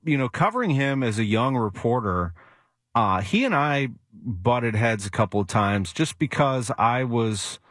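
A sports reporter tells stories in casual radio talk, animatedly acting out the quotes he recounts. His mid-range voice moves a little slowly, recorded at studio quality with no room sound.

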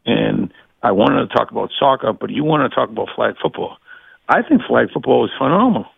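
A man's voice: mid-range voice, expressive, fairly quick, creaky, slightly rough, no echo. A man from Boston with a Boston accent, calling in to a radio show and rambling with repeated words. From Boston area. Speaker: caller. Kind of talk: casual chat on a phone call. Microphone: phone. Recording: tinny phone line.

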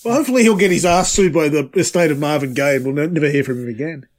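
A man with a somewhat high voice riffs sardonically on a casual music podcast. He swears freely and lets his jokes land dry. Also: rapid-fire. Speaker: podcast co-host. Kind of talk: casual chat.

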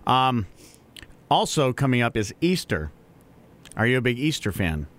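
A man's voice: mid-range voice, big pitch swings, measured pace. A man, co-hosting a morning show in a laid-back, jokey way. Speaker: radio show co-host. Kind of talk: casual morning show chat.

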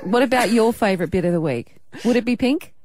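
An Australian woman co-hosting breakfast radio, chatty and quick to giggle as she takes calls. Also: on the high side, animated, darkish tone, dry recording. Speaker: radio host.

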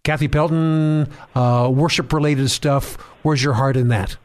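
A man's voice: a little high, fairly even intonation, measured pace. A man hosting a faith talk show, speaking in a preacherly way straight to his listeners. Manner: warm preacherly, addresses listeners. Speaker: host.

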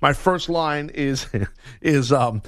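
A man's voice: on the high side, slow, no echo. A man with a Southern US accent hosting sports radio in a studio, joking and boasting playfully. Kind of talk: casual radio banter. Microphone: studio mic.

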